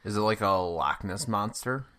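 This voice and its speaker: Deep-voiced man with dry quips. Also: normal speed, bright, forceful tone. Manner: dry, wry interjections. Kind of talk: casual chat.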